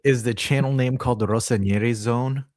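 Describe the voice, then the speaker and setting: A man's voice: medium pitch, fairly even intonation, a little fast, darkish tone, dry recording, clean studio sound. A man co-hosting a casual live-stream chat, blunt and lecturing, who swears freely. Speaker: co-host.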